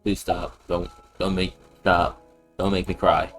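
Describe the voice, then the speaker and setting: A young man with a very low voice and an unhurried delivery gives casual game commentary. He jokes, uses slang and repeats himself, with faint game music behind him. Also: monotone. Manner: repetitive, joking, slangy. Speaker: streamer.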